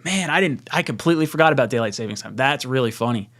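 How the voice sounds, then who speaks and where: A young man hosting a casual live stream. He reads out viewer comments and laughs often, and his voice jumps up when he gets excited. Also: medium pitch, quick pace.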